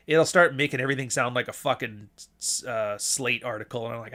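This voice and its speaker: Man, livestream host, mid pitch, blunt swearing rant, casual delivery. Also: quick pace, fairly bright tone. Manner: profane, blunt, ranting. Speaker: podcast host.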